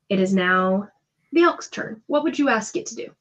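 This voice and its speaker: A woman runs a tabletop game and narrates the scene in a loose, chatty way. Her voice sits at a middle pitch and leans on plenty of fillers. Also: animated, normal speed, fairly bright tone, dull audio. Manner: descriptive, chatty, full of fillers. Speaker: game master.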